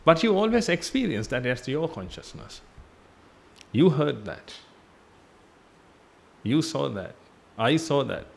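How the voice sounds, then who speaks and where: Taking his time, a man with a mid-range voice, vocal fry and wide pitch movement delivers a Buddhist sermon in a temple hall, with frequent pauses. He leans on repetition and rhetorical questions, and says "ladies and gentlemen" in a lowered voice.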